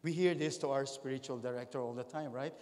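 A man's voice: medium pitch, fast. A man, a pastor preaching a sermon in a church hall, calling out questions to the congregation. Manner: animated, calls out to the congregation with questions. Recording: long hall reverb.

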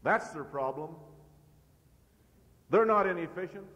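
A middle-aged man from the United States addresses a convention from the podium, his voice pitched a little high. He drives his points home with forceful repetition. The old cassette tape carries the long echo of a large hall. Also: lively intonation, unhurried. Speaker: farm organization leader. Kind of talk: convention speech.

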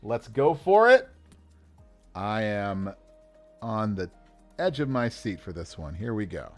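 Brief: male streamer GM, excitable and animated, faint music underneath. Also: fairly low pitch, slow. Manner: enthusiastic, talks to viewers, laughs often. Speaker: game master building characters. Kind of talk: casual livestream dice-rolling chat.

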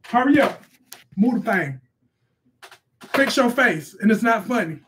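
A man playing a loud, bossy middle-aged mother who rants and scolds in slangy speech for a comedy sketch. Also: very high voice, animated, measured pace, far from the mic, slight background noise, heavily acted. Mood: scolding. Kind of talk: improvised comedy sketch, live-stream parody.

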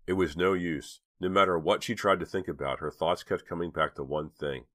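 A man narrating an audiobook in a measured storytelling manner. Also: low-pitched, steady tone, a bit bright. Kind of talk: scripted narration.

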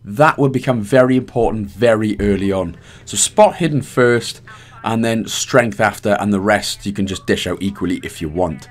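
A man's voice: lowish voice, moderate pace, few pauses. Chatty Welsh man narrating a game guide. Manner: chatty, rambling, self-mocking. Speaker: gaming guide host. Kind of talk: casual walkthrough commentary.

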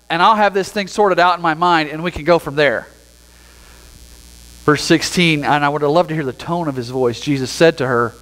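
A man preaching a sermon as pastor, reading scripture aloud and then explaining it in a relaxed, conversational way. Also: high-pitched, long reverb tail, rough recording. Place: church sanctuary.

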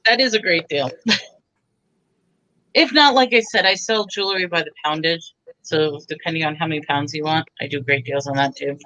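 A woman pitching bargains on a live stream in a chatty, bubbly way. Her voice is bright and forward, and she keeps talking up each deal as she shows the items. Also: normal speed, lo-fi sound. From Texas. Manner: chatty, bubbly, pushes deals. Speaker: seller on a live online auction.

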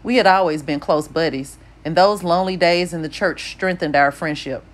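A woman narrates an audiobook in a low voice. Her delivery is steady and even, with an unhurried storytelling manner.

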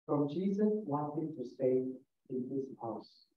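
A man, a priest, gives a lively, informal scripture reflection, voicing Jesus' words as he tells the story. His voice sits fairly high. The sound comes over a narrow, phone-like video call, distant and echoey. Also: measured pace. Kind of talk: informal sermon.

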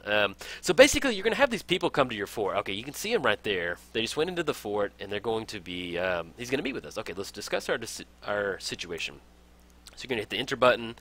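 Upbeat young man with a lively voice. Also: on the low side. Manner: upbeat, enthusiastic, laughs often. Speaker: gaming let's play host. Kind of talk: casual game tutorial commentary.

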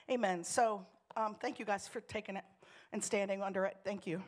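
A woman's voice: mid-range voice, fairly even intonation, a little fast. A woman who leads a communion prayer and then gives church announcements in a chatty, upbeat way, laughing and restarting her sentences. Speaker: church leader giving announcements.

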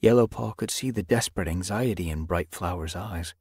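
A man with a deep, gravelly voice narrates an audiobook in a measured way. His tone is slightly husky yet lively in pitch. The close studio sound is completely dry. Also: dry recording. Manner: measured storytelling. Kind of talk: scripted narration.

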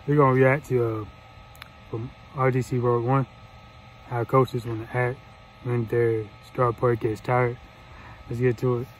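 A man's voice: mid-range voice, little pitch movement, measured pace, long pauses, slight background noise, poor audio. A man hosting a casual reaction vlog, laid-back and slangy, laughing often. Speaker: reaction channel host.

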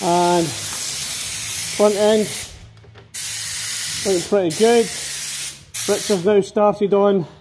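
A man's voice: high voice, extremely slow, long pauses, noisy background. A man giving a casual walkthrough in a vehicle workshop. His voice is muffled by a face mask, and he keeps checking for agreement with tag questions. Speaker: charity workshop vlogger.

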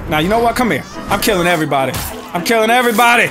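A man's voice: high-pitched, animated, rapid-fire. A man giving brash, joking commentary while playing a video game, taunting enemies and talking to viewers. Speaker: gaming YouTuber. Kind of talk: profane gameplay commentary. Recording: music playing behind.

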